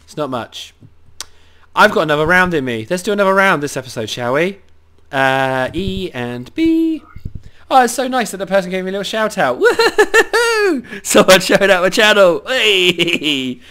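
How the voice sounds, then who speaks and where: A man with a cold giving excitable live commentary over his own gameplay, cheering on teammates and talking to himself. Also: sits high, moderate pace. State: has a cold.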